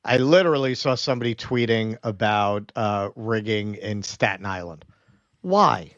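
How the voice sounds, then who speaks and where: A man's voice: on the low side, steady tone, normal speed, dry recording, lo-fi sound. A man co-hosting a live political stream, laid-back and profane, chiming in with short remarks. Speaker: stream co-host. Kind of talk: casual live commentary.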